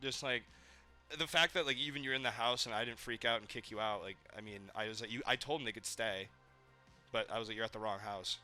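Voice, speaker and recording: A man's voice: lowish voice, fast, bright, forceful tone, soft background music. A young man from Maine, a podcast co-host, telling rambling party stories in casual chat, swearing a lot and acting out what people said. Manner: rambling storytelling, heavy swearing, acts out quotes.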